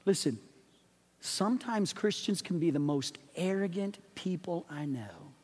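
A man preaching a sermon as pastor, animated and emphatic, telling stories to his congregation. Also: high voice, unhurried, breathy edge. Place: church sanctuary. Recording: long reverb of a church sanctuary.

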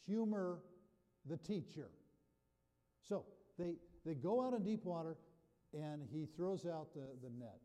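A man's voice: a little high, expressive, unhurried, long pauses, dark tone. A man preaching a sermon in a folksy, conversational way, often putting questions to his listeners. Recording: long reverb of a large hall.

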